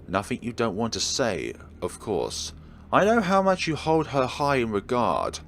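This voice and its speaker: A man's voice: mid-range voice, huge pitch swings, a little slow, fairly bright tone, a little hiss or hum, full character voice. A man reading a visual novel aloud, voicing a secretive, teasing young woman from an occult club who talks in a cool, evasive way.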